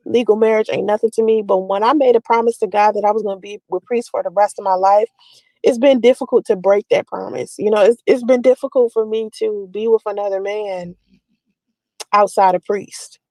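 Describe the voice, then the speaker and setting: A woman's voice: medium pitch, fairly even intonation, brisk, mellow, dry recording, poor audio. A woman talking at length about her family and personal life, rambling and confessional, full of "like" fillers. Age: adult with a daughter. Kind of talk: personal talk to camera.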